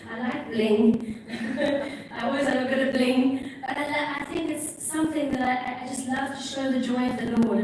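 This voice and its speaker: A woman with an Irish accent, a guest preacher giving a sermon in a church, telling a story in a chatty, animated way with self-mocking asides. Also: a little high. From Ireland. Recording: echoey church from a distance, faint noise.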